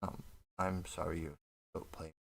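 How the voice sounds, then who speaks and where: A man's voice: sits low, little pitch movement, unhurried, creaky, slightly rough. A man chatting casually on a live stream while he builds a miniature model, rambling, mocking himself and swearing freely. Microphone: desk webcam setup.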